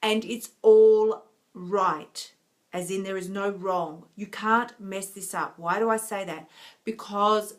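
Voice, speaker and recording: A woman's voice: mid-range voice, fairly even intonation, measured pace, a bit bright. A woman, a health coach chatting casually with viewers on a live stream, laughing often and giving encouraging advice.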